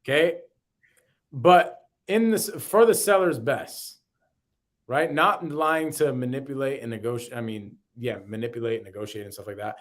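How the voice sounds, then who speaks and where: A man co-hosting a casual real estate show, chatting in loose slang. He repeats and restarts words as he talks, in a voice of ordinary middle pitch. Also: moderate pace. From Boston. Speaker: co-host. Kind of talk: casual podcast chat.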